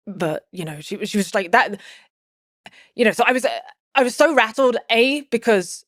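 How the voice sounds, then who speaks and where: A woman's voice: fairly high pitch, expressive, moderate pace, a bit bright, no room sound, studio quality. A woman talking as a podcast guest, telling a personal story casually and rambling with lots of "like" fillers and restarts.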